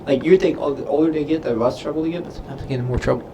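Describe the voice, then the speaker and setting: A young man serving in the Navy rattles off answers to livestream viewers' questions at a rapid-fire pace, his voice on the high side and the recording very noisy. He's casual and rambling, piles on fillers, and drifts off his train of thought.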